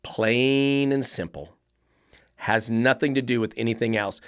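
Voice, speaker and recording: A man's voice: medium pitch, a little slow, clear, resonant tone, no room sound, clean studio sound. Blunt, profane man. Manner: blunt, profane, fires rhetorical questions. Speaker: dog trainer, podcast host. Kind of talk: podcast monologue.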